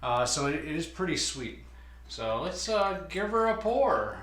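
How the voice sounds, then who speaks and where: A winemaker explaining his wines in a casual tasting chat, often pausing with "uh". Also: fairly high pitch, very animated, a bit bright. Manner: explanatory, many "uh" fillers. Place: winery. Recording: echoey room.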